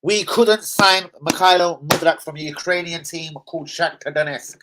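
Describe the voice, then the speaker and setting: An angry man rants on a live stream as a football fan. He swears constantly and swings between loud outbursts and low, disgusted mutters. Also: normal speed, background noise.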